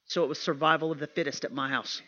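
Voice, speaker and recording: Emphatic woman preaching, bright tone. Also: low voice, fast talker, highs cut off. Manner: emphatic and repetitive, with plain homespun talk. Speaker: women's retreat speaker. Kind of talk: sermon.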